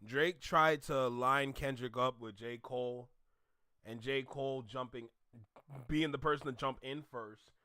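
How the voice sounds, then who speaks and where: A man in casual commentary, animated and mocking, laughing often as he reacts to a clip. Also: medium pitch, a little slow, smooth, no room sound, clean studio sound.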